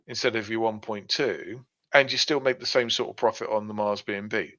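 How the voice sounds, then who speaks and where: A man's voice: on the low side, fairly even intonation, fairly quick, a bit bright. A man co-hosting a podcast, explaining things step by step with plenty of fillers in a casual chat. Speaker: podcast co-host. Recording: dull lo-fi sound.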